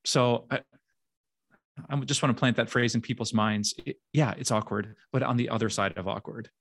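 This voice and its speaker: A man's voice: mid-range voice, steady tone, normal speed, a bit bright. A man in his forties, a pastor hosting a podcast, talking earnestly and laughing easily. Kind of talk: casual faith podcast chat.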